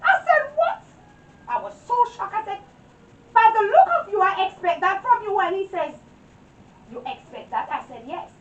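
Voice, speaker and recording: Shrill, lively old Jamaican lady, played by a woman: dramatic, scolding, full of exclamations. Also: normal speed, distant mic, dull audio. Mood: indignant. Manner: exclaiming, dramatic, mixes patois with English. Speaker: actor in a comedy skit. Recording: echoey room, voice from afar.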